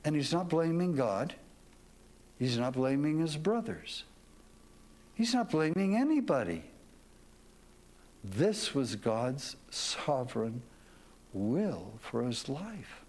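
Brief: male pastor, sermon, folksy, slow and very expressive delivery. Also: on the high side. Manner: folksy, asks the congregation to repeat after him.

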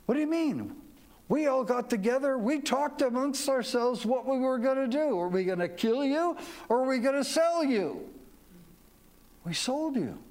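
Brief: incredulous protesting brothers, pitched up high, as a preacher acts them out. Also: male voice, lively intonation, moderate pace, darkish tone. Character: group of defensive adult brothers.

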